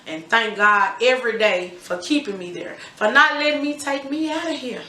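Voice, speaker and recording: A woman's voice: a little high, normal speed, sharp tone. A middle-aged woman giving an emphatic, candid personal testimony about her life, swearing freely. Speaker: guest telling her life story. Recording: roomy echo.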